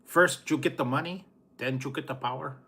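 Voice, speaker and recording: A man's voice: medium pitch, a little fast, creaky, sharp tone, breathy edge, exaggerated voice. A man doing a hammy movie gangster. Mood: swaggering. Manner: hammy, chuckling between lines.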